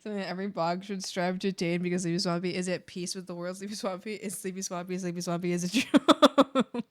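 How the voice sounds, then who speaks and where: A woman's voice: fairly low pitch, fairly even intonation, quick pace. A woman art streamer chatting casually while drawing, playful and rambling with silly jokes.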